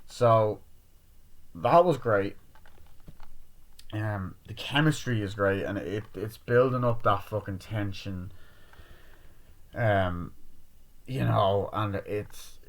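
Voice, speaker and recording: A man giving a casual, rambling movie review, swearing freely and acting out scenes in quick quoted voices. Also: lowish voice.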